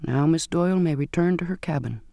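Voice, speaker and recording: A man reading an audiobook and voicing a soft-spoken, unsettling old sailor with a slow, courtly manner. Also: on the high side, gravelly, dry recording, studio quality. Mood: soft, coaxing. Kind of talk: audiobook character voice.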